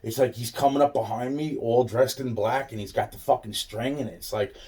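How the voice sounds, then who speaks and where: A man's voice: medium pitch, fairly even intonation, brisk, dark tone. A man telling a rambling personal story. He swears constantly, loses his thread and trails off into repeated fillers.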